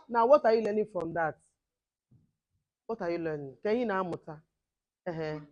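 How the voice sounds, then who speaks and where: A middle-aged woman with a hoarse voice, leading children at a camp in lively call-and-response. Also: mid-range voice, moderate pace, long pauses, dull audio. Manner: animated, call-and-response, mixing two languages. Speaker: camp teacher.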